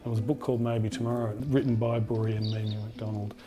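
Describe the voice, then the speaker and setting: A man's voice: lowish voice, little pitch movement, fast talker. A man from Australia, a former teacher, speaking reflectively in a documentary interview. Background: soft guitar music.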